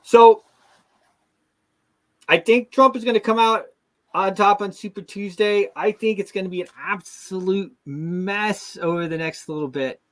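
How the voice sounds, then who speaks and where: A man's voice: sits high, measured pace, fairly bright tone. A middle-aged man from the United States hosting a casual talk show, rambling with many restarts and fillers. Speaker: show host. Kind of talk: casual chat.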